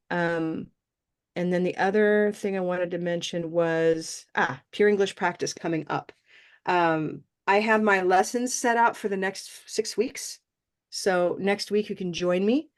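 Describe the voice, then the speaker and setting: A woman teaching an online English pronunciation class, encouraging and checking in with "okay?" often. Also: lowish voice.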